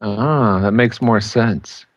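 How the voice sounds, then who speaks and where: A man's voice: lowish voice, slow, highs cut off. A man co-hosting a casual podcast, joking and chuckling. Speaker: podcast co-host.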